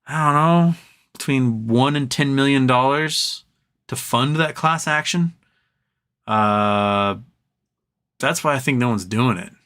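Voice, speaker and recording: A man's voice: medium pitch, pushed and bright. A man hosting a live stream from home, chatting casually, answering viewer comments and trailing off into rambles.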